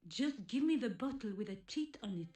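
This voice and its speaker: A woman's voice: fairly high pitch, expressive, moderate pace, warm tone, faint music behind, close to an everyday voice. Actress playing a groggy French girl, thick put-on accent, echoey sampling, game voice. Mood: dazed. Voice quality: overdone, theatrical accent. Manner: blunt, sardonic remarks. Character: hungover, dazed young French woman. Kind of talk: 1990s point-and-click game voice acting.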